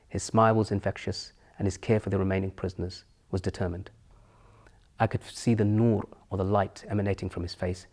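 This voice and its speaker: A middle-aged man narrating his own memories in a solemn, measured and earnest way. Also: lowish voice, a little mellow. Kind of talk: reflective memoir narration.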